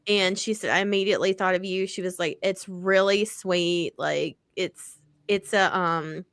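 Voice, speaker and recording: A woman's voice: on the low side, steady tone, measured pace, fairly bright tone, smooth, no room sound, clean studio sound. A woman co-hosting a podcast, chatting casually about romance books, with lots of fillers and casual swearing. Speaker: podcast co-host.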